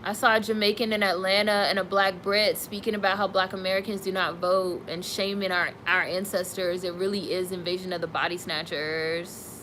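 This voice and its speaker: A woman's voice: on the low side, little pitch movement, brisk, hardly any pauses, fairly bright tone, slight background noise, poor audio. A young woman streaming live, reading viewer comments and reacting with candid, sassy asides. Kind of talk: casual live-stream chat.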